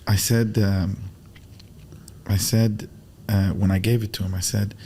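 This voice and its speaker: A man telling stories as a podcast guest in casual chat, animated, acting out quotes and using Arabic religious phrases. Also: on the low side, a little slow, slight background noise. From Arab world.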